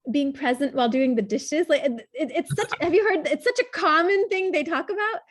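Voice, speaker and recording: A woman trauma coach guiding a client in a coaching session, speaking gently and earnestly, as if over a video call. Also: high voice, fairly quick, no echo, clean studio sound. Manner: gentle, tender, earnest explaining.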